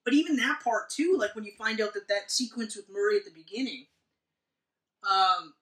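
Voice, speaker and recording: A man talks through a film he watched in a loose, rambling way, swearing often and slipping into little voices for the characters. His voice has an even, middle pitch. The sound is roomy and distant, as though he is sitting well back from the mic. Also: moderate pace. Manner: profane, rambling, acts out scenes. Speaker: podcast co-host. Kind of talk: casual movie discussion. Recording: echoey room, mic at a distance.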